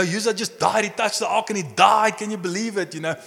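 A man preaching a sermon, telling a Bible story with lively gestures and many "I mean" and "you know" fillers. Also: a little high, fairly quick, creaky. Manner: animated storytelling, acting out scenes. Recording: long hall reverb.

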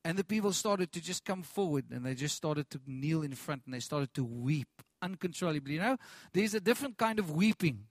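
A man's voice: fairly high pitch, animated, brisk, no echo. A man preaching a sermon with passion, repeating phrases, restarting lines and calling out to the congregation.

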